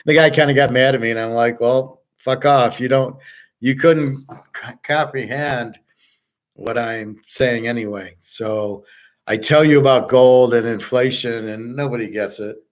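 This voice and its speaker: A man holding forth in a loose, rambling monologue. He talks bluntly and swears freely, and his voice sits at an ordinary middle pitch. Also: steady tone, a little slow. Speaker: host. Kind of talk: casual monologue.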